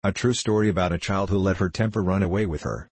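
A man with a husky voice reading the lines of a gentle, earnest mother in a storybook. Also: low-pitched, fast, dry recording.

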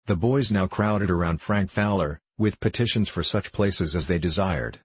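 Deep husky man, steady storybook narration, dry close sound. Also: normal speed, no room sound. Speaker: audiobook narrator. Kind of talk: scripted narration.

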